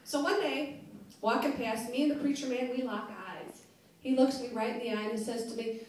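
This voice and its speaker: A woman's voice: fairly high pitch, fairly even intonation, brisk, a little mellow. A middle-aged woman doing a brash stand-up set in a comedy club, laughing at her own jokes. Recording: roomy club sound from a distance.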